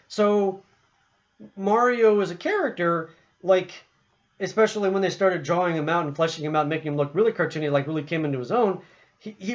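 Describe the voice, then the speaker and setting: A man giving a casual opinion monologue about a video game, rambling with frequent restarts and fillers. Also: fairly high pitch. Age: adult. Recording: muffled lo-fi recording.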